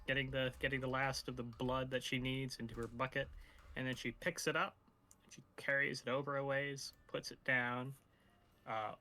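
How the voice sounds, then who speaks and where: A man narrating as dungeon master in a tabletop game, pausing with fillers as he describes the scene. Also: medium pitch, level tone, sharp tone.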